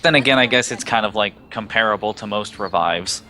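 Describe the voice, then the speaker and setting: Bright-voiced young man chatting. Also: lowish voice, brisk. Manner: musing, thinks aloud with fillers. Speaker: livestream co-player. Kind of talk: casual chat over gameplay.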